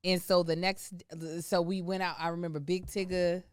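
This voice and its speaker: Lower-voiced woman, casual podcast co-host. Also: level tone, normal speed, smooth, no room sound, studio quality. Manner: chatty storyteller, teasing and laughing. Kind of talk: casual chat.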